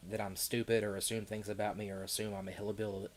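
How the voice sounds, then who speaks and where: A man with a Kentucky accent rambles through a casual live stream, answering viewers between laughs and fillers. His voice sits a little low, and his delivery is fast and flat.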